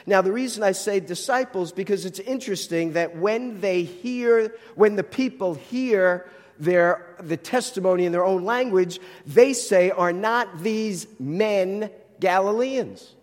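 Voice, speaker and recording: A man's voice: high-pitched, unhurried, long reverb tail. A man with a New Jersey accent teaching a sermon, explaining the text and posing rhetorical questions. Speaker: Bible teacher.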